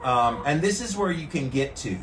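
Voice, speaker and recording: Calm, steady-voiced man in an ice bath. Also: a little high, normal speed, roomy sound, background noise. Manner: calm and steady, relaxed despite the cold. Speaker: vlogger doing a daily ice bath challenge. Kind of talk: casual talk to camera. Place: sitting in an ice bath tank.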